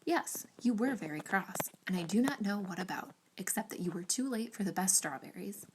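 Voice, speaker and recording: A woman's voice: mid-range voice, lively intonation, brisk, noisy background, natural voice. A woman reading as a witty, spirited young lady. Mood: bantering. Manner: arch and bantering.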